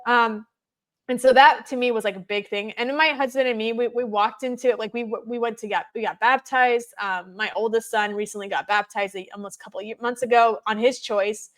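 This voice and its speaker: A woman's voice: fairly high pitch, fairly quick. Woman telling a personal story. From United States. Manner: animated storytelling, acting out her sons' voices. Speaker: guest. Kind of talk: personal testimony in a podcast interview.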